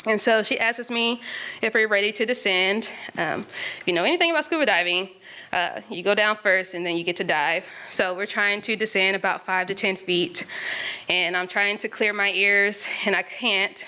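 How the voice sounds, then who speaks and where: A woman's voice: medium pitch, moderate pace, bright, forceful tone, smooth. A woman telling a personal story in a conversational way, often breaking into laughter between lines.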